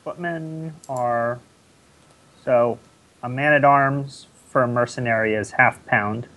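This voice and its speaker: A man playing in a tabletop game, speaking plainly and matter-of-factly. His voice sits mid-pitch. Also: steady tone, takes it slowly, sharp tone, low-quality recording. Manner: matter-of-fact, checking the rules. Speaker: player. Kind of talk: casual chat in a tabletop game.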